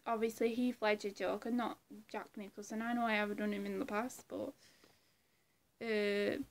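A woman's voice: medium pitch, little pitch movement, moderate pace. A woman video creator in casual chat, rambling and self-deprecating. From British.

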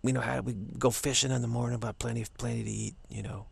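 Man putting on a folksy hillbilly uncle, relaxed, gravelly, husky. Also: mid-range voice, fast talker. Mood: reassuring. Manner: laid-back, folksy reassurance. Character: easygoing rural hillbilly uncle.

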